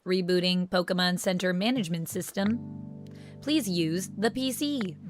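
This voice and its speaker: A talking computer in a video game announces its system messages in a flat, officious tone, as a woman reads it out. The delivery stays steady and even, like an automated system reading a status report. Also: fairly low pitch, a little slow, over music, close to an everyday voice. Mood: announcing.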